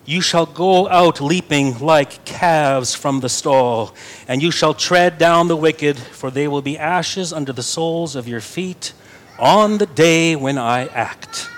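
A young man with a slightly high voice delivers a sermon. He reads scripture with earnest weight and breaks in with light, playful asides. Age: young adult. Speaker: pastor.

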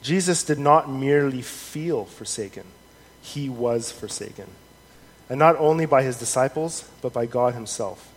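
A man preaching a sermon in an earnest, measured way, reading scripture aloud with rising emphasis. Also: mid-range voice, slightly rough. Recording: long hall reverb, faint noise.

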